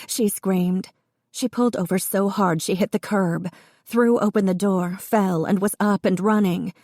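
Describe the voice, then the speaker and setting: A woman reading an audiobook in steady, expressive narration. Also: mid-range voice, no room sound, clean studio sound.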